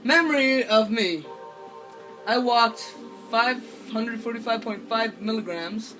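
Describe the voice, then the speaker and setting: High voiced male gamer, slow rambly playful commentary, distant mic with game music under it. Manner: playful, rambling, talks to himself. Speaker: gaming video maker. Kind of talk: gameplay commentary. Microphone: camera held by hand.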